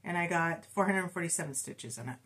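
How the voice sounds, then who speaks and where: A woman's voice: fairly low pitch, a little fast, fairly bright tone. A middle-aged woman co-hosting a cross-stitch video, chatting casually and reporting her stitch counts with self-deprecating humor. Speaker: co-host of a cross-stitch channel. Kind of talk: casual chat.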